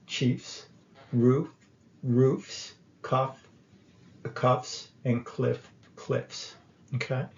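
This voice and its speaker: A man teaching English grammar, explaining each point slowly and deliberately, with frequent pauses and fillers. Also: mid-range voice, creaky, darkish tone, echoey room. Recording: dull lo-fi recording.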